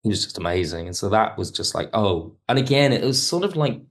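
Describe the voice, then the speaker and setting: A man's voice: fairly low pitch, very animated, fast. A man, a writer and producer of audio drama, talks through how a story came together, thinking aloud with hedges and restarts. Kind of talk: interview conversation.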